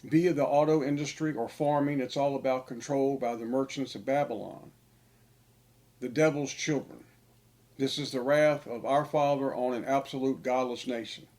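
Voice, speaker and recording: A man's voice: medium pitch, normal speed, darkish tone. A man, an online preacher delivering a sermon-style monologue, emphatic and repetitive for stress.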